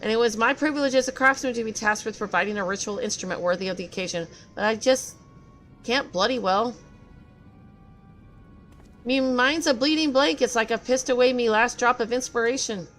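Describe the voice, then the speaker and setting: A woman reading game dialogue aloud as a gruff, self-loathing male craftsman who grumbles and curses in a rough dialect. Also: a little high, a little fast, fairly bright tone, soft background music, lightly acted. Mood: grumbling.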